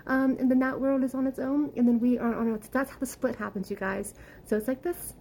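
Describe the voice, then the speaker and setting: A woman's voice: sits high, steady tone, fast, warm tone, rough recording. A woman giving an earnest, rambling spiritual talk, full of fillers and at times close to tears. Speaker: spiritual channel.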